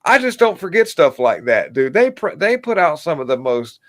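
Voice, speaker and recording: A man's voice: a little high, big pitch swings, moderate pace, fairly bright tone. A man hosting a casual political livestream, rambling and mocking in a crude way and laughing at his own jokes. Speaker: livestream host.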